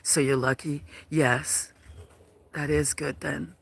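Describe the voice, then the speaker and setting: Man host, slow unhurried delivery, slightly high voice, soft and hesitant, casual livestream outdoors. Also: level tone, vocal fry, breathy edge. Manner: slow, soft-spoken, hesitant with many fillers. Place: outdoors at a farm.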